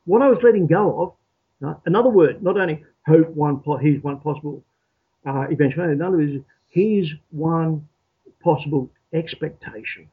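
A man from Australia telling his story as an interview guest, halting and repeating words as he thinks. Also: a little high, slightly rough. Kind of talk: reflective storytelling. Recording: tinny phone-like call audio.

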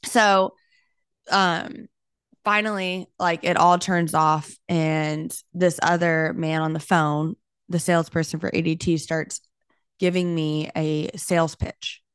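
A young woman, a realtor hosting her own podcast, telling a story in an animated, casual way and saying "like" a lot. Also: deep voice, slow, clean tone, no room sound, studio quality. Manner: animated, talks with her hands, heavy use of "like".

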